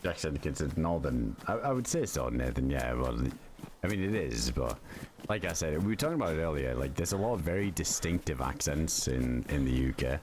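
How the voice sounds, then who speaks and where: A man's voice: a bass voice, lively intonation, a little fast. A man streaming a survival game, chatting loosely with lots of fillers and swearing. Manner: rambling, filler-heavy, swears casually. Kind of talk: casual gaming livestream chat. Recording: constant background noise.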